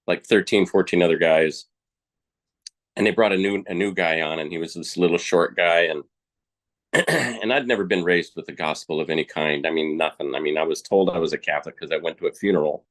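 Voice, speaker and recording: Deep-voiced man telling a frank story. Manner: frank, colloquial, plainspoken storyteller. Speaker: podcast guest. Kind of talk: personal storytelling in conversation.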